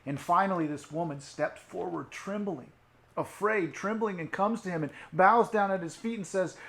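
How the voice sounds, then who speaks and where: A man preaching an online sermon, telling a story expressively, sinking into hushed tones and rising again, with casual asides. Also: high-pitched, normal speed, echoey room. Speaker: youth pastor.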